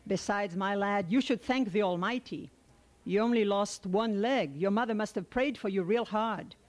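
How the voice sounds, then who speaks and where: A woman's voice: mid-range voice, moderate pace, natural voice. Woman reading a middle-aged army doctor, kind and fatherly, calls him my lad, plain voice. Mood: friendly. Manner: warm, paternal.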